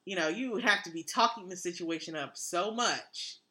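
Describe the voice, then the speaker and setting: Young woman, podcast co-host; lowish, bright voice, blunt and firm. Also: moderate pace. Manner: blunt, firm, dry asides. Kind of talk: casual chat.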